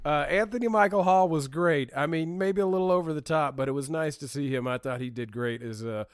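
A man co-hosting a podcast in casual chat, enthusiastic and quick to laugh. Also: on the high side, clear, resonant tone, no room sound. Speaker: podcast co-host.

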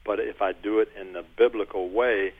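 A man, a coach and author, answering interview questions in a measured, earnest way. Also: on the low side, steady tone. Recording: tinny phone-line call.

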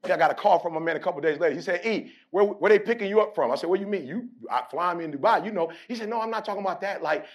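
A man delivers a preacher-style pep talk to a college sports team, speaking very fast in a high register with barely any pauses. He keeps an emphatic rhythm, playfully acts out conversations in his stories, and leads call-and-response chants that swell into shouts.

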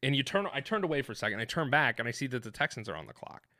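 A man co-hosting a podcast, retelling an experience in an excited, rambling way, full of restarts and fillers. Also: medium pitch, rapid-fire, dry recording, clean studio sound. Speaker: podcast co-host. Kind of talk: animated storytelling in casual chat.

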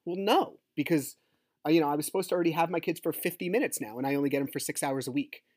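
A divorced father racing through a rambling rant on his own podcast swears and talks over himself, worked up about a custody fight. His voice is a little high and a bit mellow, captured in clean studio sound with no room tone.

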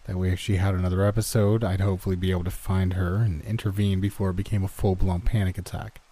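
Male horror narrator; mellow, dark tone, steady and measured. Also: low voice.

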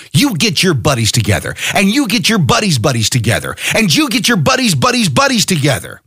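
A man's voice: a little high, wildly swooping pitch, normal speed, hardly any pauses, bright, forceful tone, slightly rough, no room sound, clean studio sound. An angry man hosting a podcast, delivering an impassioned, profane political monologue full of rhetorical questions. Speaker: podcast host.

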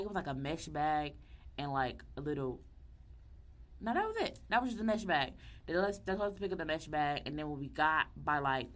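A young woman casually telling a personal story, animated and acting out the people she quotes. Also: deep voice. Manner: animated, acts out quoted voices.

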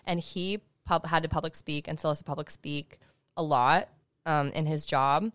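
Fast-talking low-voiced young woman. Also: a bit bright, no room sound. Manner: fast-talking, emphatic, advice-giving. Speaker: podcast guest, law student. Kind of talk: casual podcast conversation.

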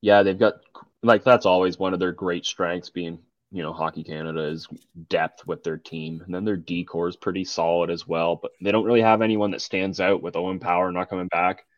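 Young male co-host with a very deep, monotone voice, blunt and offhand, recorded on a dull lo-fi mic. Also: brisk, dry recording. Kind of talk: casual sports chat.

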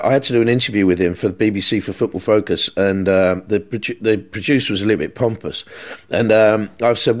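A middle-aged man, a broadcaster and podcast co-host, telling rambling anecdotes with plenty of restarts. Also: lowish voice. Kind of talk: casual storytelling chat.

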